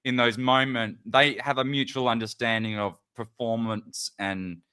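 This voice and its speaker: A man's voice: mid-range voice, fairly even intonation, unhurried, bright, forceful tone, clear, resonant tone, dry recording. A man in a casual podcast chat, speaking earnestly and with emphasis.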